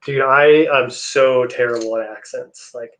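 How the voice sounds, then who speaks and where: A man's voice: mid-range voice, unhurried. A young man hosting a live stream, chatting casually with viewers while he builds. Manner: relaxed, chatty, answers chat messages.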